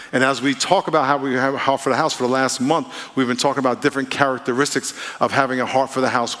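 A man preaches in a relaxed, conversational way, trading lines with his congregation and mixing jokes with earnest points. His voice sits at an everyday middle pitch. A long reverb from the church sanctuary trails behind every phrase. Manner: conversational, playful call-and-response with congregation. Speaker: pastor. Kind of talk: sermon.

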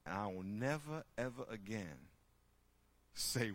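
Man, animated storyteller, bright forceful tone, dry close sound. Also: mid-range voice, a little fast, no echo. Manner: lively, acts out characters with loud shouting bursts. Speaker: speaker teaching a group.

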